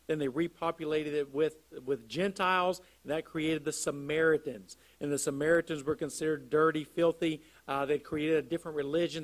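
A man preaching an expository sermon, reading scripture aloud and explaining it, often checking with listeners by asking "right?". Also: fairly high pitch. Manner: reads scripture aloud then explains it, asks the congregation "right?". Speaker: pastor.

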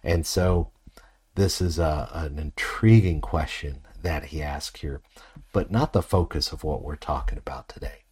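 A man preaching an expository sermon in a measured, reflective way, posing rhetorical questions to his listeners. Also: a bass voice, darkish tone, husky.

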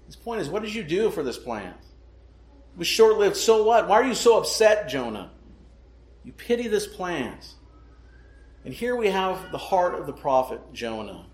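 Emphatic preacher with a roomy echo. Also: male voice, high voice, big pitch swings, moderate pace, darkish tone. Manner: emphatic, asks rhetorical questions. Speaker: pastor. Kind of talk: sermon.

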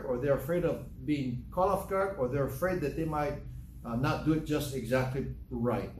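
A man's voice: fairly high pitch, darkish tone, slight background noise. An older man preaching a sermon emphatically, quoting scripture in old-fashioned English. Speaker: pastor. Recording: echoey room from a distance, faint ambience.

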